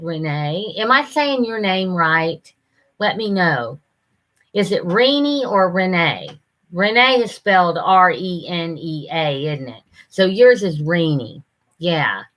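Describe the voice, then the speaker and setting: An older woman, chatting casually on a live stream, rambling and halting with lots of fillers. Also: on the low side, a bit bright. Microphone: computer camera mic.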